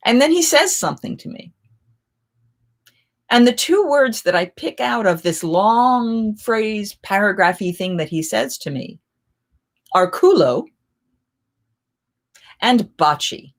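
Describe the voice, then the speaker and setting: A middle-aged woman, a festival performer, hosting a live chat and telling lively anecdotes in a casual way, often getting suddenly louder. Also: medium pitch, takes it slowly, pauses often. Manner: animated, with sudden jumps in loudness.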